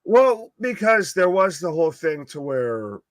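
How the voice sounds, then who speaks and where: A man co-hosting a live wrestling watch-along, excitable, swearing freely and repeating himself for emphasis. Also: on the high side, measured pace, no room sound, clean studio sound. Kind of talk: live alternative commentary chat.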